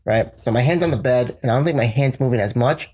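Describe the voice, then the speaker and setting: A man's voice: medium pitch, quick pace, slightly rough. A young man on a podcast telling a long story in casual chat, cursing freely and acting out other people's lines. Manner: profane, rambling, animated retelling with voiced quotes. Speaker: podcast co-host.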